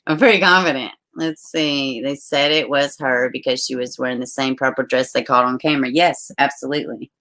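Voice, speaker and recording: A woman's voice: rumbling low, steady tone, fairly quick, hardly any pauses, fairly bright tone. A woman hosting a casual livestream, chatting with viewers and reading their comments aloud. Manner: chatty, reads out viewer comments, uses y'all. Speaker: livestream host.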